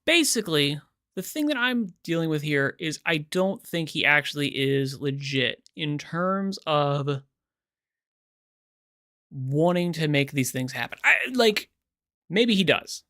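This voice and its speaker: A man hosting a reaction video, casual and sarcastic, animated and exasperated as he comments. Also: a little high, takes it slowly, no echo, clean studio sound.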